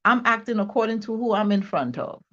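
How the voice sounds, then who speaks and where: A woman's voice: on the high side, expressive, fairly quick, fairly bright tone. Playful woman guest on a dull video call. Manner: playful, rambling, laughs often. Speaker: returning guest on an online talk show. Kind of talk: casual interview conversation.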